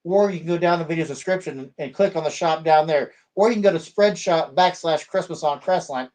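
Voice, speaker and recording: A man's voice: on the high side, a little mellow. A man hosts his own channel. He talks in a loose, chatty, upbeat way, full of ums and uhs. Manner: chatty and upbeat, with many fillers. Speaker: channel host. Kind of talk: casual vlog chat.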